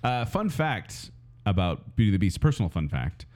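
Playful man with a lively voice. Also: on the low side. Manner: playful, quick to joke and sing snippets. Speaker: podcast co-host. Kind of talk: casual chat.

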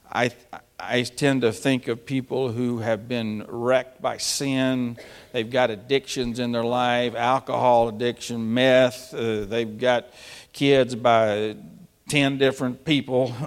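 A man preaching a sermon to church planters, animated and dramatic, acting out anxious prayers in sudden bursts. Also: mid-range voice. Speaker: pastor. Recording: long reverb of a large hall.

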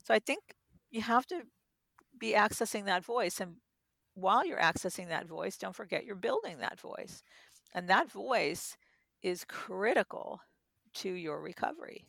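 A middle-aged woman talks in a calm, reflective way, illustrating her points with stories from her own life. Her voice has a strong vocal fry. The recording is dry, with little room sound. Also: medium pitch, a little slow, dry recording. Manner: gentle, explains with personal examples. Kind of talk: reflective interview talk.

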